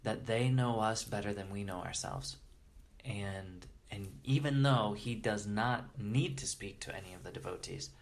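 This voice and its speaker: Male interview guest with a lowish voice, earnest and reverent storyteller, halting restarts. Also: creaky. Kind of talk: storytelling in conversation.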